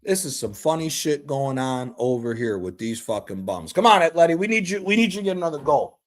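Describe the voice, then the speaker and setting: A man streaming a live reaction to a football match, excitable and profane, trash-talking the players. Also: on the high side, brisk. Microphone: streaming mic.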